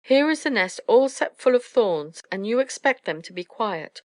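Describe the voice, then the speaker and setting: A woman voicing a fussy, anxious mother owl who scolds in a high, shrill voice. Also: sing-song, normal speed, no echo. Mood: scolding.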